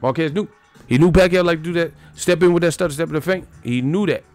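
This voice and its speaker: A man doing an impression of a cocky ex-boxer commentator, loudly insisting he was right. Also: on the high side, quick pace, soft background music, voice pushed up, lightly acted. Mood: insistent. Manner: loud, insistent, I-told-you-so lecturing.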